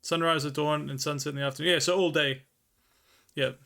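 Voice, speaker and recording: A laid-back Australian man chatting with his live viewers in a bright, forceful voice. His pitch sits a little high for a man, and he slows right down when he reads old scripture aloud. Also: steady tone, creaky. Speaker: livestreamer.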